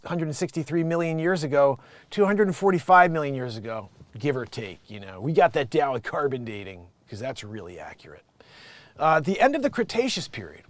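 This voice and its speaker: A man hosting a comedy news show, joking and swearing as he reads headlines and swings into loud bits. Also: on the high side, no room sound.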